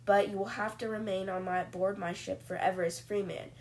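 A woman voicing a stern, secretive male submarine captain in a cold, measured way. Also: medium pitch, fairly even intonation, close to an everyday voice.

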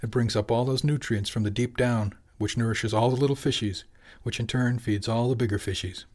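A man's voice: mid-range voice, steady tone, a little fast, darkish tone, natural voice. A man reading an audiobook, voicing an easygoing middle-aged fishing boat skipper in a plain, friendly way.

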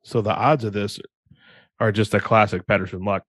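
A young man from Iowa hosting a solo podcast, telling a rambling, animated story full of restarts and acted-out quotes. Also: lowish voice, moderate pace, no room sound. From Iowa, USA. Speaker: podcast host.

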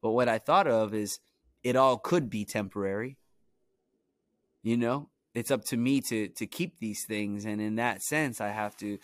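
This young adult from Brooklyn, New York, shares stories about his life in a fairly low, unhurried voice, recorded with no room sound. The storytelling is casual and meandering, sprinkled with plenty of "like" and "you know."

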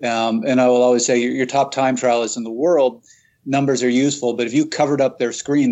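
A man hosting a cycling podcast, talking in a measured, reflective way with some stammered starts. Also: mid-range voice, a little mellow, dull audio. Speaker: podcast host. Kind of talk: casual interview talk.

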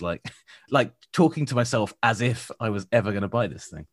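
A man's voice: medium pitch, animated, quick pace, breathy edge. A young man co-hosting a podcast, chatty, laughing and mimicking others. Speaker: podcast co-host. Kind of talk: casual chat.

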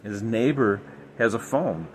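A man's voice: lowish voice, animated, a little slow, darkish tone, a little hiss or hum. A man hosting a podcast, telling paranormal stories in a rambling, emphatic way with many fillers. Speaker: podcast host. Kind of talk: casual storytelling about the paranormal.

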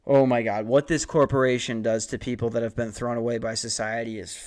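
A man's voice: mid-range voice, steady tone, a little fast, a little mellow. A man in his twenties telling a rambling, profane, self-mocking story on his podcast. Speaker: podcast host.

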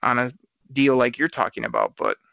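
A man hosting a sports talk show, arguing his point quickly and stumbling over repeated words. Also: medium pitch, huge pitch swings, creaky, bright, forceful tone, no echo. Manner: argumentative, rapid, trips over repeated words. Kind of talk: casual sports radio chat. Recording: slightly dull lo-fi sound.

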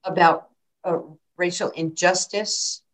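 An older woman tells stories in an interview, acting out what people said. Her voice sits a little low for a woman. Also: slow pace, poor audio. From New York. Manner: animated storyteller, acts out quotes. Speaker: basketball coach. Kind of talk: storytelling interview.

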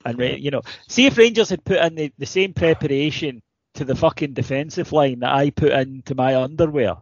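A man's voice: medium pitch, brisk, no echo. Male podcast co-host, rambling and sweary, dry slightly dull recording. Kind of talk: casual chat.

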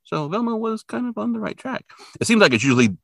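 A man casually recapping a cartoon episode for a podcast, joking and acting out the characters in squeaky voices. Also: quick pace, vocal fry, no echo, clean studio sound. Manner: animated, jokey, acts out characters in high squeaky voices. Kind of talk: casual chat.

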